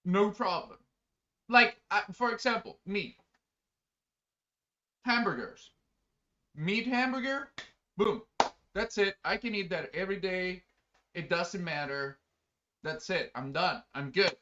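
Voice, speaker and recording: A high-pitched man with a bright, forward tone chats casually on a live stream and answers viewers as he goes. He rambles through fillers and bursts into loud exclamations. The audio is slightly dull and lo-fi. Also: takes it slowly, long pauses. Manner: chatty, rambling, many fillers. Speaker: streamer reading chat.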